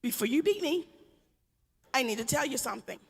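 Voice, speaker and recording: A woman putting on a quiet little boy, low hushed voice, eerie calm, stage reverb. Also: fairly quick, creaky, breathy edge, exaggerated voice. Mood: quiet, pleading. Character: young son, calm, eerily quiet. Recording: long hall reverb.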